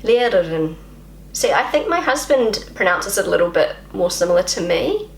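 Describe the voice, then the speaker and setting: A woman's voice: mid-range voice, sing-song, a little fast, vocal fry, slight background noise. Chatty self-deprecating woman, echoey room. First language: English. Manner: self-deprecating, chatty, repeats words while practising. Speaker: language vlogger. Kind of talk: casual talk to camera.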